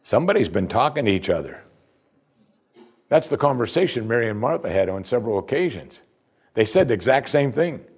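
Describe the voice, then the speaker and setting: A man's voice: medium pitch, very animated, brisk, pauses often, husky. A male pastor preaching a sermon in a conversational, expository way, with emphatic rises.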